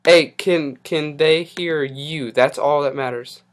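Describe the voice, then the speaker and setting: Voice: mid-range voice, slow. A podcast host, chatting casually and sounding flustered and exasperated while swearing at technical trouble. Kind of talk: casual live-stream chatter.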